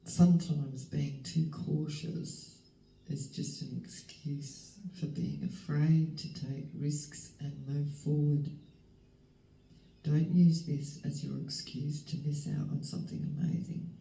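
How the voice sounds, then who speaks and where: A woman, giving a spiritual tarot reading in a slow, emotional, halting way that sometimes drops to a whisper. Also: deep voice, little pitch movement, gravelly, dark tone. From Western Australia. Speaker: tarot reader. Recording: roomy, distant mic, faint background noise.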